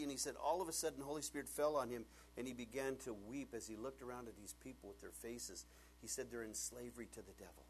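A man preaching a sermon as pastor, telling stories and swinging from hushed tones up to near shouting. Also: medium pitch, quick pace, husky.

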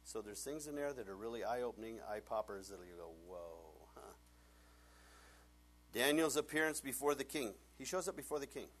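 A man preaching a sermon as pastor, telling stories and swinging from hushed tones up to near shouting. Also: mid-range voice, expressive, fast, few pauses.

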